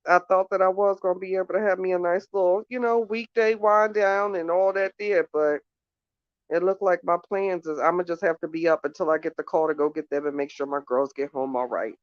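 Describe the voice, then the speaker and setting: A woman's voice: lowish voice, steady tone, fairly quick, dry recording. An exasperated woman talks straight to her viewers in a loose, ranting vlog chat. The sound is dull and lo-fi, close and dry, as if caught on a phone. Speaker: vlogger. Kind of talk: casual chat to camera.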